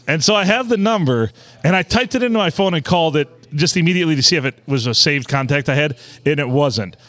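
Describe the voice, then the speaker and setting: A man's voice: fairly high pitch, fairly quick, dry recording. A man hosting a casual podcast chat in a bar, telling stories with lots of jokes. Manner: joking, animated storyteller. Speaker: podcast host.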